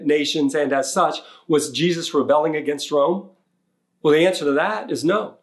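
Conversational male pastor preaching a sermon. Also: fairly high pitch. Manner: conversational, paraphrasing with animated quotes.

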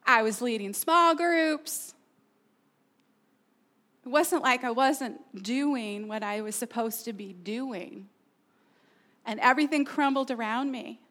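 A woman's voice: on the high side, slow, long pauses, a bit bright. A middle-aged woman pastor preaching a sermon, earnest and personal, asking her listeners questions.

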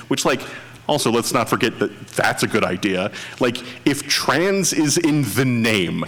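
A man chatting casually as a podcast co-host, animated and laughing often, with rambling restarts. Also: medium pitch, in a large hall. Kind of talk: casual chat.

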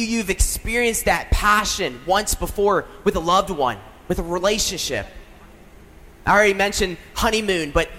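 Young man, high-pitched, from South Carolina; a storytelling youth preacher with a long hall reverb. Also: a bit bright. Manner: storytelling, repeating himself, asking the audience questions. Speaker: youth pastor. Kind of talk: sermon. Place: large hall with an audience.

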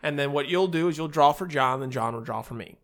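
A man with a slightly higher-than-average pitch hosts a casual chat, joking around. He laughs often and tends to repeat his words as he gets going. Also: fast, a bit bright. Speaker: podcast host.

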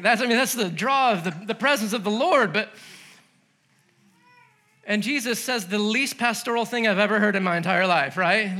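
A male pastor preaching a sermon, animated and laughing as he acts out the story's voices. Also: high-pitched, normal speed. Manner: laughs between lines.

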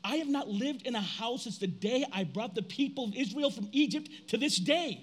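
Bright, animated preaching man. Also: very high-pitched. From United States. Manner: animated, conversational preaching with sudden loud outbursts. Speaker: pastor. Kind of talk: sermon.

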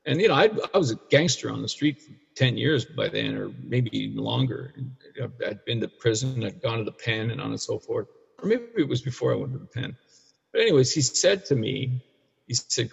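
In a dull, echoey room recording, a Canadian guest in his sixties who counsels men on addiction speaks at medium pitch, a little fast, his voice gravelly and husky. He tells a hard personal story candidly, rambling and restarting, blunt and occasionally profane.

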